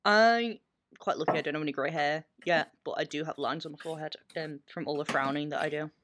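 An English woman co-hosts a relaxed podcast chat with a somewhat low voice. She talks in an animated way. She jokes often at her own expense. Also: fast, noisy background. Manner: joking, self-mocking, animated. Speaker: podcast co-host. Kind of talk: casual chat.

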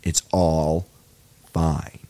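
A man's voice: very deep voice, little pitch movement, very slow, warm tone. A young man hosting a comedy podcast, telling rambling, profane, self-deprecating stories in a casual monologue, a little tired. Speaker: podcast host.

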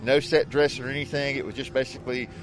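Guest: man in a full-head costume, words muffled through a mask, mid-pitched, chatting outdoors. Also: steady tone, fast talker. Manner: muffled, as if talking with something in his mouth. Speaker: guest, movie vehicle owner. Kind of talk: casual outdoor interview. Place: outdoors at a haunted attraction.

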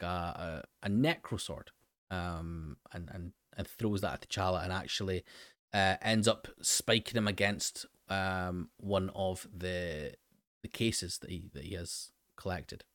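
A man's voice: low voice, unhurried, a bit bright, no room sound, studio quality. A man hosting a casual episode recap, rambling with many fillers and restarts. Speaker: show host recapping an episode. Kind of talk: casual commentary.

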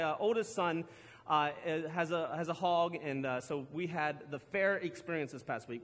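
A man's voice: sits high, a bit bright. A middle-aged man preaching a sermon, telling a casual story about his week with lots of laughs and restarts. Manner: chatty, self-deprecating, laughs often, restarts a lot. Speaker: pastor. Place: church auditorium. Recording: church hall with long reverb.

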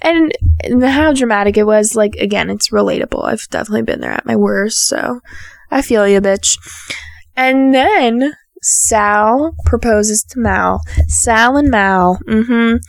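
A woman's voice: fairly high pitch, a little slow, vocal fry, dry recording, studio quality. A young woman hosting a podcast, recapping a reality show in casual solo chat, blunt and sarcastic and swearing freely. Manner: acts out quotes in raised voices.

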